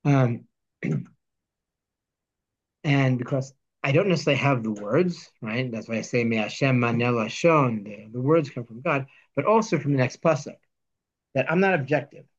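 A man teaching a text study lesson, reading Hebrew verses slowly and then explaining them. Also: mid-range voice, lo-fi sound. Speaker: Torah teacher.

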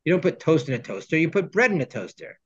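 A man's voice: on the high side, very animated, fast, breathy edge. A man teaching a text study class, reading Hebrew phrases and explaining them in English with joking asides. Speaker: Torah teacher. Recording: dull lo-fi sound.

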